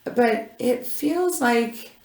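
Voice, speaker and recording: A woman's voice: a little high, very slow, vocal fry, roomy sound. A woman reading tarot in a casual, effusive way, gushing over each card and rambling with frequent restarts. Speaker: intuitive tarot reader.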